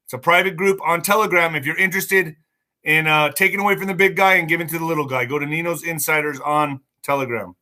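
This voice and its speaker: Fast and sharp-toned, this man's fairly high voice stays fairly even as he hosts a casual news commentary podcast. He reads stories aloud and rants angrily about them, often stumbling over words and swearing.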